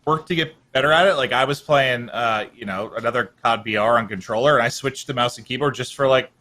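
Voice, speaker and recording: A man's voice: medium pitch, fast, bright, forceful tone. A man co-casting a live esports event, joking and teasing his partner between calls. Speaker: esports co-caster.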